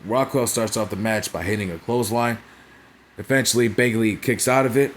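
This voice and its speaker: Young guy rambling thru a recap, low-ish voice, swears a lot, faint hiss behind. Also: a little fast. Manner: profane, rambling, lots of filler tags like "right?" and "you know what I'm saying?". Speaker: wrestling show reviewer. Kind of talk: casual recap and commentary.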